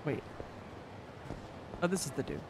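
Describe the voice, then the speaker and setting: A man streaming a video game, giving casual, excitable commentary that swears a lot and shouts sound effects during fights. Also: measured pace, noisy background.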